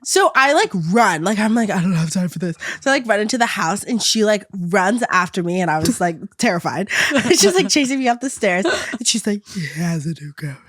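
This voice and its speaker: A woman chatting as a podcast guest, spinning a story with lively acted-out quotes and a steady stream of "like." Her voice sits at an ordinary middle pitch. It is recorded close and dry in a studio, with no room sound. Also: fairly quick, dry recording. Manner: animated, acts out quotes, frequent "like". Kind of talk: casual storytelling chat.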